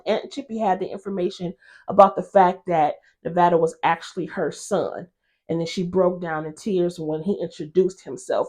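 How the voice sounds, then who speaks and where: A woman hosting a casual episode recap, chatty and expressive as she retells the characters' quarrels. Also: on the low side. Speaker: host recapping a TV drama episode.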